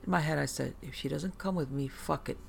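A narrator telling a first-person horror story in a dry, measured way with slow dramatic pauses, over a faint music bed. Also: mid-range voice, creaky.

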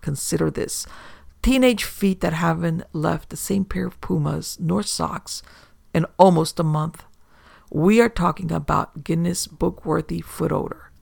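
A man reading a first-person story aloud in a wry, deadpan manner. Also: on the high side, vocal fry, breathy edge, dry recording. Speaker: audiobook narrator.

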